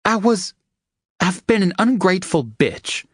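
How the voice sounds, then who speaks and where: A man voicing an emotional young woman who pleads softly in a raised voice, in an audiobook. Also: on the low side, wildly swooping pitch, unhurried, breathy edge, no echo, clean studio sound, full character voice. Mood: remorseful.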